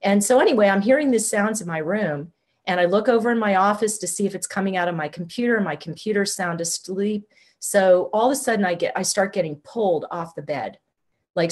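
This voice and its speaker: A woman guest in an interview, telling a personal story in an animated, conversational way, often saying "like". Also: fairly low pitch. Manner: animated, conversational, uses "like" a lot. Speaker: guest, shamanic healer.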